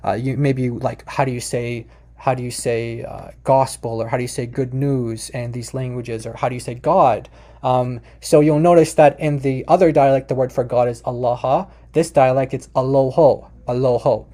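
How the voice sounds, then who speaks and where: A man's voice: mid-range voice, steady tone, warm tone. A man presenting a lesson in a casual way, restarting his sentences often and talking straight to viewers. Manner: many fillers and restarts, addresses viewers as you guys; repeats words slowly for the listener. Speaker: presenter teaching about Aramaic. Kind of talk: casual explanatory talk to viewers.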